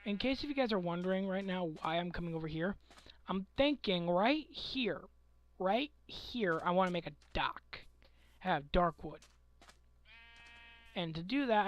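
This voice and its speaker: A young man with a scratchy, hoarse voice from a cold, rambling and ranting casually over a game he is playing, often correcting himself. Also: sits high. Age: young adult. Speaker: let's play commentator. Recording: faint background noise.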